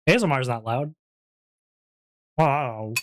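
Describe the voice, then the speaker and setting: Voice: medium pitch, animated, measured pace, slight background noise. A streamer in casual stream chat, playful and rambling, with frequent giggles, talking into a home streaming mic.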